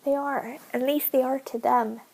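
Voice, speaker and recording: A woman in her twenties vlogging to camera in an earnest, emotional way, speaking haltingly and often dropping to a whisper. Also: sits high, fairly even intonation, gravelly, a little mellow, slight background noise, low-quality recording. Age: 20s. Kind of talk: personal vlog, talking to camera.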